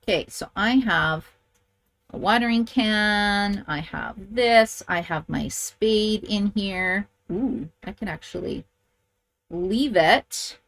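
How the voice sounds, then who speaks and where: A woman's voice: medium pitch, slow pace, a bit bright. A middle-aged woman demonstrating card making, chatty and enthusiastic, thinking aloud as she works. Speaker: papercraft demonstrator. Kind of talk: casual crafting tutorial.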